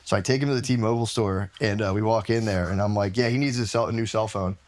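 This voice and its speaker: A man telling a long story as a podcast guest, rambling and animated, acting out the other people in it. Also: fairly low pitch, quick pace. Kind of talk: casual storytelling.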